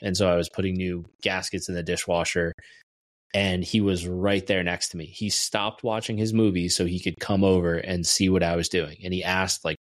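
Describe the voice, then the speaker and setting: A man in his thirties speaks in a deep voice and talks thoughtfully at length, often restarting his sentences. The sound is dry and close. It is a relaxed podcast chat. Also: normal speed, no echo. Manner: reflective, rambling with restarts. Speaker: podcast co-host. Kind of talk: casual chat.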